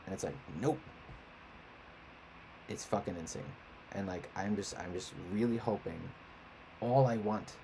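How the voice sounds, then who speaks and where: Background noise accompanies this young man's fairly low voice as he rants casually and at length. He's an independent musician and artist, frustrated and cursing frequently.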